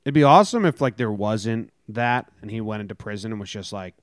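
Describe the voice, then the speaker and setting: A man's voice: on the low side, lively intonation, a little fast, dry recording, studio quality. A man co-hosting a podcast in laid-back casual chat. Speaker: podcast co-host.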